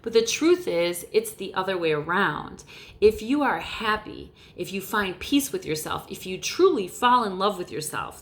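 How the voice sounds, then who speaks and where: A middle-aged woman giving a casual motivational talk to camera, animated and emphatic, swearing casually. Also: medium pitch, moderate pace. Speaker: motivational vlogger. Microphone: camera mic, looking off-lens.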